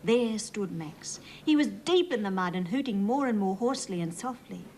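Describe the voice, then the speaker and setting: An Australian woman reading a storybook to young children, gentle and sing-song as a children's TV host. Her voice sits at an ordinary pitch, and a faint hiss runs behind her. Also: expressive, moderate pace, rough recording.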